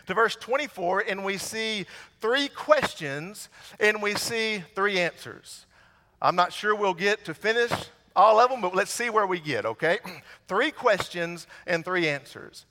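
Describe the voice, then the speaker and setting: Male preacher, storytelling sermon, tense bright tone, church reverb. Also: high voice. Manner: storytelling, rhetorical questions to the congregation. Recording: long hall reverb.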